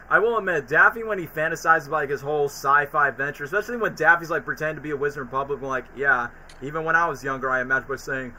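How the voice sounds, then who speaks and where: A man chats casually on a stream, rambling through recaps full of fillers. His voice is very bright and slightly high. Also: fast talker, few pauses, a little hiss or hum, poor audio. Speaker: streamer ranking cartoons. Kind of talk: casual chat.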